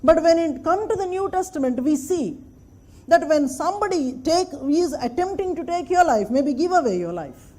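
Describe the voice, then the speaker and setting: A woman's voice: extremely high pitch, animated, normal speed, warm tone. A woman giving a classroom lecture, emphatic, repeating points and checking that her students follow. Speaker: anthropology lecturer.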